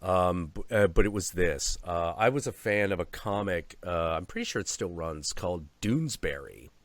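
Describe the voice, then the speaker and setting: Low dry-voiced host dude telling stories, swears a lot, video call. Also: male voice, normal speed, no room sound. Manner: animated storyteller, swears freely. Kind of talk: casual interview chat.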